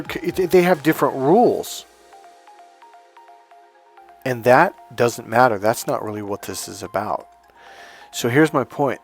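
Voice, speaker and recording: A man coaching on dating, lecturing emphatically with stories and repeated points over faint background music. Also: medium pitch. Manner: emphatic, repetitive lecturing with anecdotes. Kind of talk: teaching to camera.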